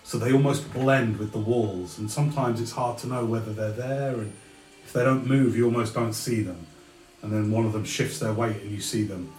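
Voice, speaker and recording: A man narrating a tabletop game as game master, slow and descriptive, sometimes stopping to find a word. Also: medium pitch, steady tone, darkish tone, echoey room, soft background music, low-quality recording.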